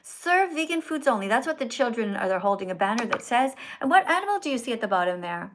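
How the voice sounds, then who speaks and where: A woman hosts a live stream from a phone in a preachy, teacherly manner. Her voice sits a little high. She speaks earnestly and addresses the viewers directly. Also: big pitch swings, quick pace, a little hiss or hum. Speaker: livestream host. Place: indoors in Italy.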